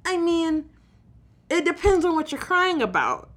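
Woman podcast cohost, high bright voice that jumps all over, laughs and swears a ton. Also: measured pace. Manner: laughs often, swears freely, animated storytelling. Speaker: podcast co-host. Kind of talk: casual chat.

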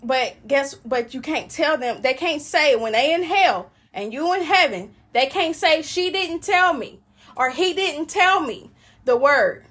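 A woman's voice: high voice, animated, a little slow, fairly bright tone. A woman talking casually and joyfully about her faith, preaching, laughing often and rambling. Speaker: Christian woman sharing testimony.

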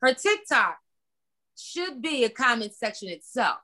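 A woman's voice: fairly high pitch, very animated, a little slow, sharp tone. A woman co-hosting a casual podcast, speaking emphatically and repeating herself for punch. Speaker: podcast co-host and comedian.

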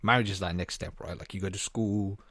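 A man's voice: low voice, fairly even intonation, brisk, fairly bright tone, dry recording. A man co-hosting a podcast, casual and reflective, talking things through step by step. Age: 20s. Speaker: podcast co-host. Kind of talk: casual chat.

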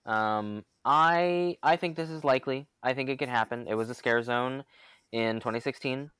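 A man's voice: mid-range voice, normal speed, a bit bright, smooth, dry recording. A man co-hosting a casual podcast chat, enthusiastic and long-winded, full of fillers and restarts. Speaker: podcast co-host.

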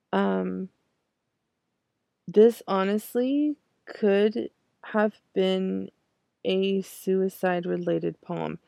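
A woman in her thirties recites poetry in a slow, measured way, her voice heavy with vocal fry. Her tone is dark and mellow, and the recording is dry and close with no room sound. Between poems she speaks in hesitant asides. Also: medium pitch, no echo. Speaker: podcast host. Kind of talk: poetry recitation and personal commentary.

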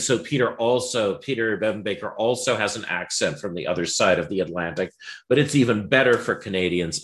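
A man's voice: sits low, fairly bright tone. A man giving an unscripted political commentary, wry and digressive, with many ums and uhs.

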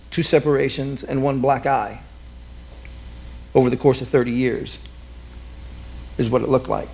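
A man's voice: mid-range voice, vocal fry. A man preaching a sermon as vivid present-tense stories, repeating key lines. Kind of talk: dramatic storytelling sermon.

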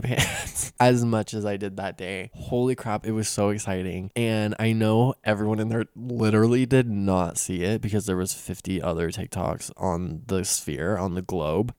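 Young male podcast host, casual storyteller, excitable, smooth low-ish voice, dry close sound. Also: no room sound. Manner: excitable, laughs often, bursts of loud emphasis.

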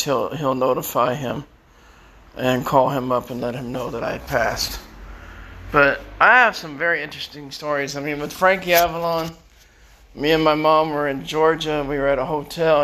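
A man's voice: fairly high pitch, fairly bright tone. A man rambling through personal stories in a casual way, repeating words and chuckling as he goes. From Florida. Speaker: storyteller.

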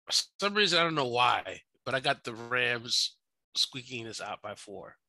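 Male podcast co-host, bright and forceful tone, joking and playful. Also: medium pitch, animated, normal speed, gravelly, dry recording, rough recording. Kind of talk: casual sports chat.

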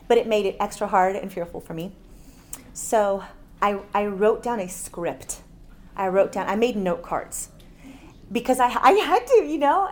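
A woman from Miami gives a Christian seminar talk, telling a personal story in an animated way and laughing along the way. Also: mid-range voice, a little hiss or hum. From Miami, United States. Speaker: seminar speaker. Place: conference seminar room.

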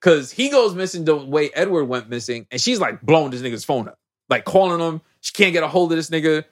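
A man's voice: a little high, a little fast. A man co-hosting a podcast, recapping a movie in casual slangy chat and acting out the characters' lines. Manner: animated slangy storytelling, acts out characters' lines. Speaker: podcast co-host.

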